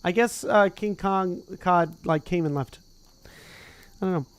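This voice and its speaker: A streamer reading a novel aloud in a relaxed, casual way, stumbling over words now and then and breaking off to chat. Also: mid-range voice, measured pace, clear, resonant tone. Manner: chatty, easily sidetracked, stumbles over words.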